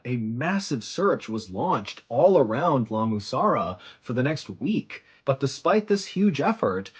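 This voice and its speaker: A man's voice: medium pitch, slightly rough. A man telling a true mystery story in a casual, conversational way, building suspense as he goes.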